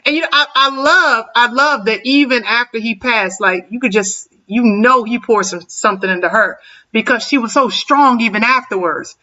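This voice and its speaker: A woman with a high, bright voice hosts a casual online panel and talks with lively energy. She laughs often. The sound is dull and lo-fi. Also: normal speed, far from the mic. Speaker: host.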